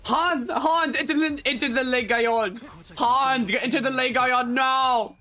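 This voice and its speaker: A man voicing a frantic German wartime officer shouting urgent orders. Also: extremely high pitch, steady tone, unhurried, soft background music, pitched above the performer's own voice, full character voice.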